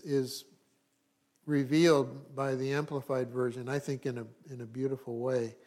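Middle-aged male pastor, mid-pitched voice, easygoing sermon delivery with dry jokes and self-corrections. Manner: conversational, with wry humorous asides and restarts.

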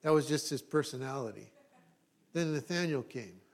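A middle-aged man preaches in an easy, talky way, his voice sitting at an ordinary middle pitch. He drifts into wry asides and restarts his sentences as he goes. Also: expressive, moderate pace. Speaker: pastor. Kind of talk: sermon.

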